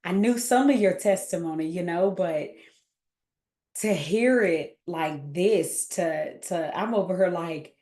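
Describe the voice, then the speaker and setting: A woman hosting a faith group chat, emotional and talking in quick bursts with restarts. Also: lowish voice, warm tone, echoey room. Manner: emotional, talks fast with restarts. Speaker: host and faith coach. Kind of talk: casual live group chat.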